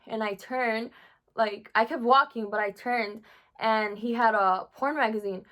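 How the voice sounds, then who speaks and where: A woman's voice: a little high, measured pace, a bit bright. A young woman vlogger telling a painful personal story from her school days, emotional, with many fillers.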